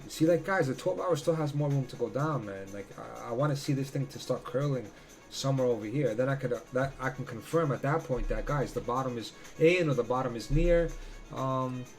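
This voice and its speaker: A man's voice: medium pitch, a little fast, soft background music. A man doing casual crypto chart analysis, blunt and profane, who slips into heated rants. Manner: blunt, swearing, ranting.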